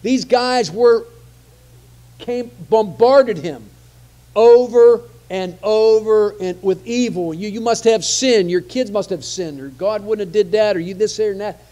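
A man's voice: high-pitched, measured pace, dark tone. A man preaching a conversational sermon, often repeating phrases for emphasis.

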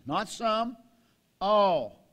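Older man, pastor, sermon, high-pitched voice, stretches out key words, church hall. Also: animated, a bit bright. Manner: preaching with dramatic slow emphasis on scripture. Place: church sanctuary.

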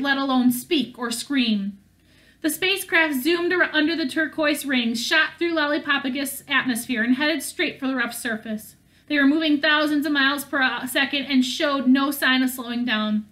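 Woman, audiobook reader, high voice, bright tone, steady reading with small slips. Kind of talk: reading a novel aloud.

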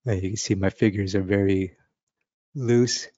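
A man's voice: fairly low pitch, fairly even intonation, normal speed, mellow, no echo, dull audio. A man teaching a casual drawing lesson. He talks and laughs as he thinks aloud while sketching. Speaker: art instructor.

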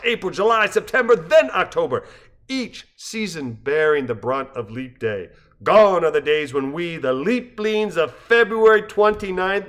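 A man reads a satirical story as if he were addressing a rally, his tone fierce and fired up. His voice sits a little high and swings widely, climbing into shouts before dropping to a murmur. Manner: impassioned oratorical delivery with shouted peaks. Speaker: narrator. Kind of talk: satirical dramatic reading.

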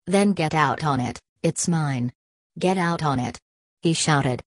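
A woman voicing a drunken, brutish male coal miner who shouts in broad dialect. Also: fairly high pitch, slow pace, no room sound. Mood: angry. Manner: gruff dialect speech, shouting.

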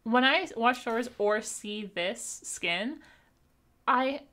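A woman's voice: fairly high pitch, slow pace, sharp tone. A young woman from Canada streaming live, chatting in a bubbly way with viewers and laughing often as she thanks them. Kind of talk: casual live-stream chat over gameplay.

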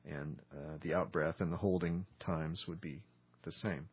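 A man teaching meditation on a podcast in a measured way, pausing often with ums. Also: a bass voice, steady tone, slightly rough, highs cut off. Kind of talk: instructional podcast talk.

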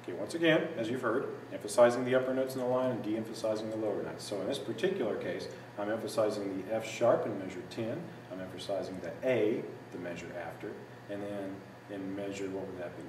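A lower-voiced man walks students through a sax part one note at a time, patient and methodical, now and then scatting the rhythm. He sounds some way off from the mic in an echoey room, with steady noise behind him. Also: a little fast, far from the mic. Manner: patient, methodical, sings phrases in scat syllables. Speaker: music teacher. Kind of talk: instructional walkthrough.

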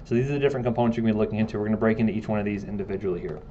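A man's voice: fairly low pitch, rapid-fire, warm tone, muffled recording, slight background noise. A man giving a casual classroom lecture, joking and asking his students questions.

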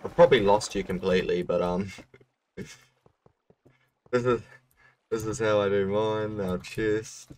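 A young man chats through his gameplay in an easygoing, slightly low voice, walking a viewer through a build and laughing as he goes. He sounds a little set back from the microphone. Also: steady tone, unhurried, long pauses, darkish tone, distant mic. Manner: laid-back explaining, laughs often. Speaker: streamer. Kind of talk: casual gameplay commentary.

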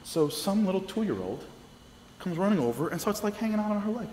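Guy giving a talk to a congregation, lively storyteller, hall echo and a bit of hiss. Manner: lively, acts out the people in his stories with quick shifts of pitch. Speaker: speaker at a congregation lecture. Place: synagogue hall. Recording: long reverb of a hall, faint noise.

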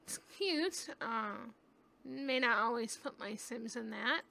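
High, bright-voiced woman chatting over gameplay. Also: steady tone, slow pace, vocal fry. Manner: chatty and rambling, thinks aloud. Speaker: gaming YouTuber. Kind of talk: casual gameplay commentary. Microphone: webcam.

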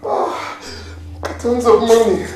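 High, wildly swinging young Nigerian woman, greedy and dramatic; slow delivery. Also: big pitch swings, a little hiss or hum. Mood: ecstatic. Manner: loud exclamations, dramatic swings from hushed to shouting. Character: greedy young woman who finds her father's hidden money. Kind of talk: film drama. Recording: echoey room with music behind.

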